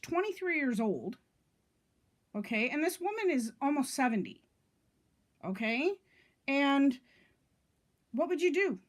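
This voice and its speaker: Middle-aged woman ranting on her vlog, pretty high voice, lots of ums and okays, fired up and rambling. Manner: indignant, rambling, many fillers and "okay?" checks. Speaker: vlogger. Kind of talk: casual vlog monologue.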